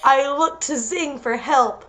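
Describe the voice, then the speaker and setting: A woman's voice: high-pitched, slow, a bit bright, slight background noise. A young woman reading amateur fiction aloud for laughs, stumbling over words and breaking into giggles. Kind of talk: comedic read-aloud of fan-style fiction.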